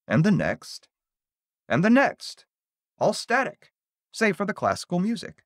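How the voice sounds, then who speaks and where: A man's voice: mid-range voice, dry recording, studio quality. A man narrating a horror story in the first person, with tense, dramatic delivery.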